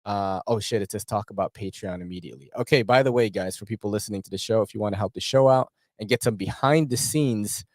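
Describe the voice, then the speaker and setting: A man's voice: on the low side, fast, few pauses, darkish tone, no room sound. Slangy New man, dry close mic. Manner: slangy, swears a lot, many fillers. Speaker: host. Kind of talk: casual livestream chat.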